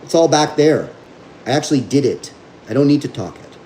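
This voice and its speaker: A man's voice: mid-range voice, lively intonation, brisk, warm tone, a little hiss or hum, low-quality recording. A man hosting a livestream as a dog trainer, talking bluntly and combatively while reading viewer comments.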